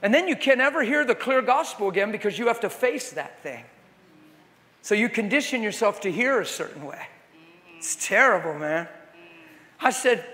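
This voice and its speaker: A man preaches to a crowd in a big echoing hall, his voice pitched high for a man. He tells his stories with animation and breaks into acted voices and wailing. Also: brisk, pushed and bright. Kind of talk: sermon. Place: large hall with audience. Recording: long hall reverb.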